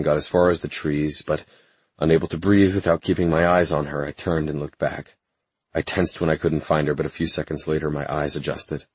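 A man narrating a first-person romance audiobook in a measured, brooding, intense way. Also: extremely low pitch, husky, dry recording.

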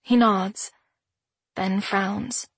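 A woman narrating a first-person audiobook in a measured, introspective way. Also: medium pitch, steady tone, husky, no room sound.

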